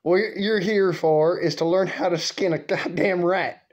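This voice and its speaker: A man voicing his gruff, cursing father as he teaches his young son. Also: high-pitched, steady tone, unhurried, voice pushed up. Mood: gruff instructive. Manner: drawling, cursing, scolding.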